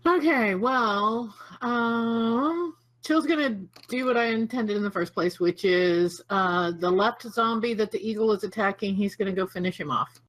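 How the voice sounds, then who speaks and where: A woman playing a tabletop game, quickly declaring her character's action. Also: medium pitch, fairly bright tone, low-quality recording. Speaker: player.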